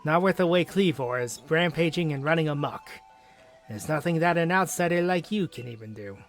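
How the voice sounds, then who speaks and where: A man's voice: on the high side, moderate pace, faint music behind, lightly acted. A man voicing a boastful, proud male clan warden for a game, with pompous, grandiose declarations. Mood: grave.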